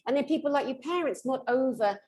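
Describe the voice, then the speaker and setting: A British woman hosting an interview, talking in a lively, playful, high-energy way. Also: fast, a little hiss or hum. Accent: British English. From England. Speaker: host. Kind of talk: casual interview chat.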